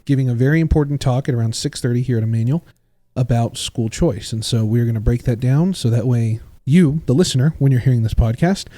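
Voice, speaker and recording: A man's voice: brisk, dark tone, dry recording. A man hosting a podcast interview in a casual, chatty way, telling stories and acting out quoted lines. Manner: chatty, storytelling, acts out quotes with rising pitch. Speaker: podcast host.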